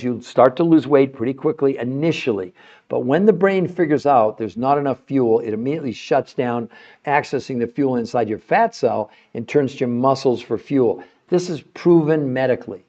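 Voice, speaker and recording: A man's voice: medium pitch, darkish tone, lo-fi sound. A man hosting a live-streamed podcast, passionate and emotional as he talks straight to his viewers and asks them questions. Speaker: podcast host.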